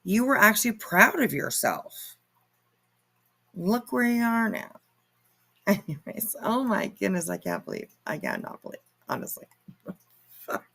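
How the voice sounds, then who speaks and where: A woman's voice: mid-range voice, big pitch swings, unhurried, creaky, long pauses, pushed and bright. A woman hosting her own commentary channel, reacting to clips in a sarcastic, mocking way and swearing freely.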